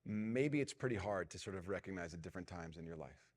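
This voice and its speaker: A middle-aged man preaching a sermon as pastor, telling a self-mocking story and dropping to a hushed, prayerful tone. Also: low-pitched, lively intonation, fast talker. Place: large church hall. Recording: long reverb of a church hall.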